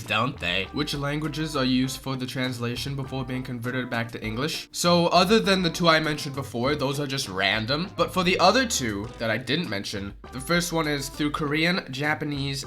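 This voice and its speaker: A young man casually answering viewer questions as a channel host, rambling and relaxed with filler words. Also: medium pitch. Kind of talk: casual Q&A chat. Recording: music playing underneath.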